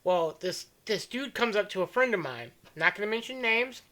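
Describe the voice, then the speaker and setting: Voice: mid-range voice, lively intonation, moderate pace, pushed and bright. A podcast host telling crude, joking stories in a casual chat.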